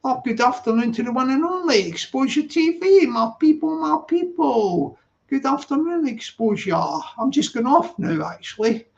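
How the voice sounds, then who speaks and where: A man's voice: very high voice, expressive, normal speed, few pauses. A man chatting casually on a live stream, rambling and greeting viewers one by one by name. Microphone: streaming setup. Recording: dull lo-fi live-stream audio.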